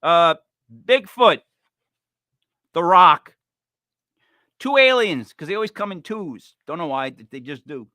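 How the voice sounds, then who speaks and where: A man's voice: high-pitched, lively intonation, a little slow, long pauses, pushed and bright, no echo, clean studio sound. A man co-hosting a podcast in playful comedic chat, joking through a list with punchy delivery. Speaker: podcast co-host.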